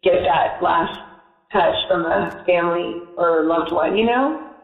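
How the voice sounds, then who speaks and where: A woman's voice: lowish voice, slow, vocal fry. A woman guest chatting in an interview, telling a personal story in a rambling, emotional way. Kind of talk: casual interview chat. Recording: echoey, tinny phone-line sound.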